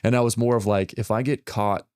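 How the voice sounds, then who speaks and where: A man hosting a podcast, telling a story in a rambling, excitable way full of fillers. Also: on the low side, fairly quick, smooth, no echo, studio quality. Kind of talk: casual storytelling in conversation.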